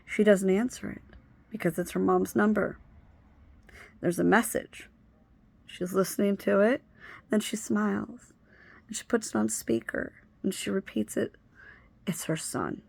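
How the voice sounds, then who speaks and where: A woman's voice: medium pitch, fairly even intonation, measured pace, gravelly, long pauses, husky. A woman telling a personal story in a casual, candid way, blunt and swearing freely. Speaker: vlogger recounting a personal story.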